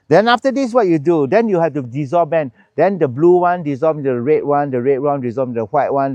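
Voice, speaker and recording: A male Buddhist monk gives a dharma lesson, moving between English and Mandarin as he explains each step. He chants mantra syllables slowly and deliberately, in a mid-range voice. The sound is dry, with little room echo. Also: mid-range voice, dark tone, highs cut off. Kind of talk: dharma teaching with mantra recitation.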